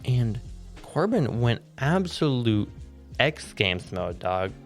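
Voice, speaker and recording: A young man co-hosting a podcast, rambling and joking through animated stories in casual chat. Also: mid-range voice, takes it slowly, gravelly, soft background music. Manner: rambling, jokey, animated storytelling. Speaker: podcast co-host.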